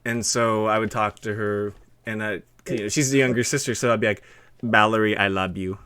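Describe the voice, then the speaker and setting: A man's voice: lowish voice, steady tone, a little fast, a bit bright, clean tone. A man hosting a casual live-stream interview, flustered and laughing easily, often restarting his sentences.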